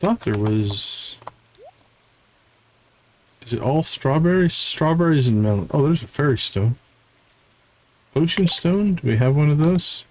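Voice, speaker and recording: A man's voice: on the high side, animated, normal speed, darkish tone, slight background noise, low-quality recording. A man streaming a farming game live, musing casually to himself as he plays. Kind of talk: live gameplay commentary.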